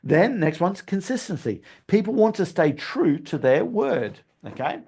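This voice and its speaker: A man's voice: high voice, big pitch swings, measured pace, mellow, slightly rough. A man hosting a podcast, talking through a recap in a chatty coaching manner and tagging "okay?" onto his points. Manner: laughs at his own stumbles. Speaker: podcast host.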